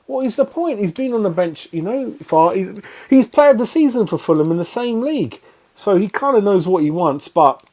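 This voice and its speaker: A man's voice: sits high, warm tone. A man giving a heated, rambling fan reaction after a football match, repeating himself in exasperation. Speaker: fan channel pundit.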